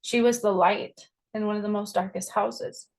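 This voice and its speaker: A woman's voice: mid-range voice, fairly even intonation, normal speed, creaky, darkish tone, rough recording. Earnest woman psychic, keeps saying okay. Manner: emphatic, repeats key phrases. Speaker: self-described psychic medium. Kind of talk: earnest spoken monologue to camera.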